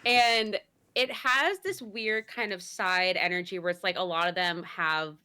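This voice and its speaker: A woman chatting casually on a podcast as guest host, animated and giggly, full of fillers. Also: on the low side, a little slow, clean tone. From Italian heritage.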